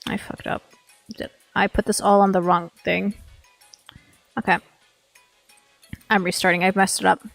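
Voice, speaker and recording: A woman's voice: mid-range voice, little pitch movement, moderate pace, vocal fry, long pauses, dry recording, faint music behind. A woman VTuber streamer talking casually while she works, rambling, swearing freely and filling her speech with "like". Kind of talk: casual live-stream chat. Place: home streaming setup.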